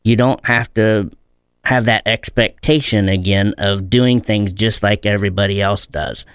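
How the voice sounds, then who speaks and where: A man's voice: lowish voice, measured pace, a bit bright, clear, resonant tone, no room sound, studio quality. A middle-aged man, a guest in a conversational interview, telling stories in an earnest, reflective way.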